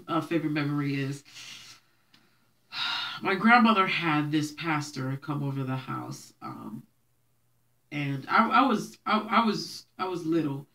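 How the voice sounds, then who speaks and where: Her voice sits low with a slight brightness as this young vlogger casually tells childhood tales to camera, laughing a lot. She comes from a Haitian family, grew up in Brooklyn and spoke Haitian Creole growing up.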